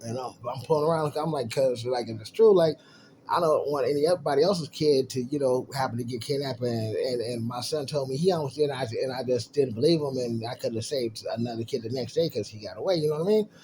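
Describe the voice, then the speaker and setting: A man's voice: medium pitch, fast, mellow, a little hiss or hum, low-quality recording. A middle-aged man telling a long personal story in casual, profane talk, laid-back and full of "you know what I mean.".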